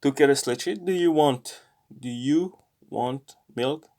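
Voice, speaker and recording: A man going through a language lesson on his own, thinking aloud with many fillers and slowly repeating practice phrases. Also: medium pitch, darkish tone. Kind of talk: casual self-study commentary.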